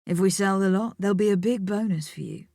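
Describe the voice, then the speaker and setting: A suave male gallery owner, businesslike and patient, spelling things out slowly as if to a child, played by a woman narrator. It is an audiobook read, recorded close and dry. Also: medium pitch, creaky, warm tone, no room sound. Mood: genial. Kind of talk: audiobook character voice.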